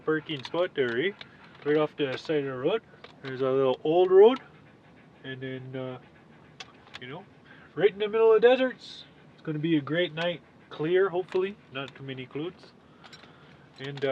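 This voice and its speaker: A man's voice: a little high, normal speed, a little mellow, distant mic, highs cut off, slight background noise. A young Canadian man chatting casually through a travel vlog at a desert roadside camp, easygoing and joking. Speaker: vlogger.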